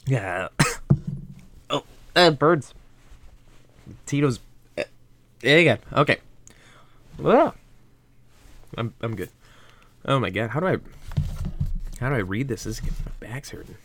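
A man's voice: mid-range voice, expressive, measured pace, pauses often, fairly bright tone, no room sound. A young man reading a book aloud, rambling off into profane asides and drinking vodka as he goes, into a computer mic at a desk. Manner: rambling, profane, self-interrupting. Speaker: reader and host.

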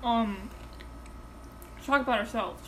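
A teenage girl co-hosting a casual podcast, rambling, deadpan and swearing freely. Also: a little high, takes it slowly, slight background noise, low-quality recording. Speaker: podcast co-host. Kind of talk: casual chat.

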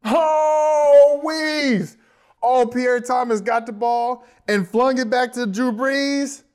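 A man who used to play football, co-hosting a podcast and telling a story with big excitement and wheezing laughter. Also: very high voice, slow, clean tone. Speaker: podcast co-host, former football player. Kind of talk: animated storytelling.

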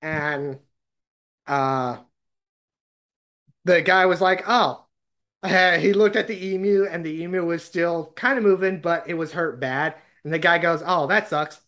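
A man's voice: fairly high pitch, a little slow, a bit bright. A man from Arkansas, hosting a podcast and telling a rambling, laughing story in casual chat. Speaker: podcast host.

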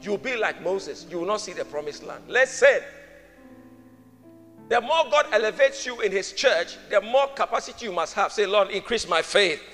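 A man's voice: sits high, lively intonation, moderate pace, pushed and bright. A man preaching a sermon as pastor, calling the congregation to answer and acting out the people in his stories. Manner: preaching with call-and-response, acting out voices. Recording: music with long hall reverb.

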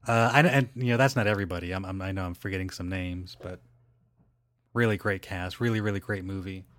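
A man's voice: sits low, fairly quick, fairly bright tone, no echo, clean studio sound. A man hosting a solo podcast, chatting casually in a rambling, digressive way with lots of fillers and self-corrections. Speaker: podcast host.

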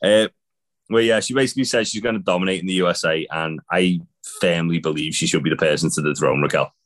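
Low-pitched male co-host for a casual review podcast; blunt, sarcastic, swears often. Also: quick pace, a bit bright.

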